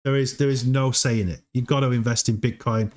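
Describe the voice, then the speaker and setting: Male livestream host, casual chat, repeats himself, mid pitch, laughs a lot. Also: steady tone, brisk, a little mellow. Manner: chatty, repeats words, laughs often.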